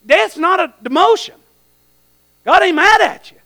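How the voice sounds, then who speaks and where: A man preaching a sermon in a folksy, animated way, often calling out amen and breaking into shouts at high points. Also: measured pace.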